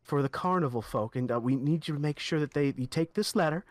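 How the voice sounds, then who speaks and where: A man's voice: fairly high pitch, quick pace, a little mellow, no echo, close to an everyday voice. A man voicing a folksy woman officer who rambles while giving orders. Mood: rambling.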